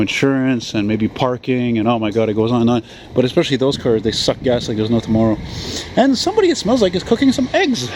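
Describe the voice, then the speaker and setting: A man, dropping words now and then. He rambles and swears as he walks along a city street with a handheld camera. His voice is mellow and dark, with faint traffic behind him. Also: medium pitch. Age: 40s. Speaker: vlogger. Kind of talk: rambling walk-and-talk vlog. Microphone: handheld camera while walking.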